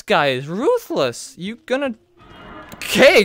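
A woman's voice: mid-range voice, wildly swooping pitch, moderate pace. A woman giving profane, reactive commentary as she plays a video game, exclaiming and shrieking at jump scares. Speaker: video game let's player.

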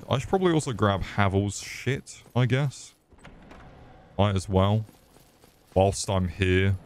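A man's voice: low-pitched, clean tone. A young man streaming a game, with crude jokes and chatter aimed at his chat. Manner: crude joking banter with chat. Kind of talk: casual gameplay commentary. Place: home room. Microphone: desk microphone.

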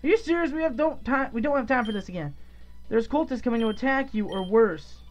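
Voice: mid-range voice, lively intonation, soft background music, close to an everyday voice. A gamer reading game dialogue aloud, voicing a worried young woman gym leader who hurries a friend along. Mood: urgent. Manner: urgent, hurried, scolding.

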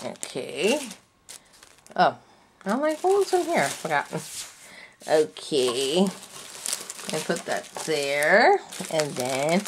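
A gushing woman talks slowly through a casual craft unboxing. Her voice sits fairly low but swoops up and down a great deal. Paper crinkles faintly behind her. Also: sing-song, noisy background. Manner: gushing, breathy gasps and delighted exclamations. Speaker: craft vlogger.

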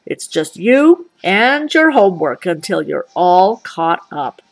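A woman's voice: lowish voice, very animated, takes it slowly, full character voice. A woman voicing a stern but fair father bear in a storybook read-aloud.

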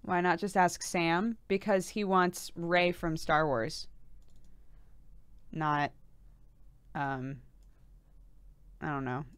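A woman's voice: lowish voice, fairly even intonation, very slow, pauses often, smooth, no room sound. A woman streaming to her viewers in casual chat, talking chattily with many fillers and giggles.

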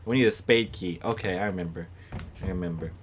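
His voice sits low and fast as he plays a horror game, offering casual let's-play commentary, giggling often, jumping easily and speaking to the screen. The home recording is noisy.

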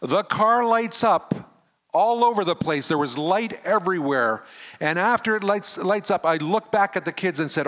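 Middle-aged man, pastor, lively storyteller, fairly high voice. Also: normal speed. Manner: animated storyteller who acts out the dialogue. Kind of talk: storytelling sermon. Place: camp meeting hall.

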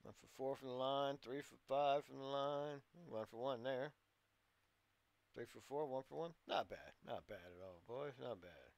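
With a creaky, medium-pitched voice at normal speed and no echo, a gaming commentator calls a basketball video game casually. He sounds like a folksy coach addressing his players as boys and son, and he gets louder and more urgent as the action picks up.

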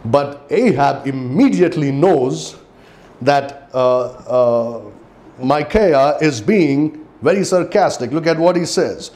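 A man's voice: medium pitch, animated, takes it slowly, darkish tone. A man with an Indian English accent, a pastor preaching a sermon with emphatic delivery and scripture readings. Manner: emphatic preaching, reads scripture aloud with rising intensity.

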